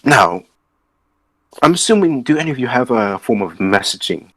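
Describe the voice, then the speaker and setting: A man's voice: mid-range voice, moderate pace, no room sound. A man running a tabletop game as game master over an online voice call, setting scenes and asking the players questions. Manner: explains calmly, sets scenes, asks players questions.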